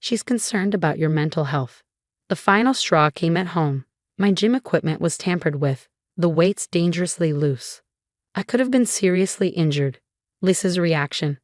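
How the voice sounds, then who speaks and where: A woman with a low voice narrates a dramatic first-person story in an even, measured way. The sound is dry and close, with no room around it. It is scripted storytelling, steady from line to line. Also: dry recording.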